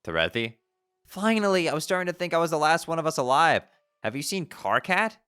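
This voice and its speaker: A man voicing a blind, brash teenage troll girl, talking loud and eager while reading a webcomic aloud on stream. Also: a little high, very animated, fairly quick, clean tone, dry recording, clean studio sound, pitched above the performer's own voice.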